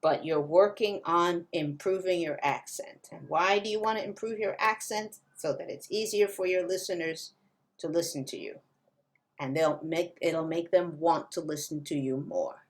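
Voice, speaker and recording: A woman teaching Spanish pronunciation, slowly modeling words for learners to repeat. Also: lowish voice, fairly even intonation. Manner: slow, careful modeling of pronunciation. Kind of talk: language lesson.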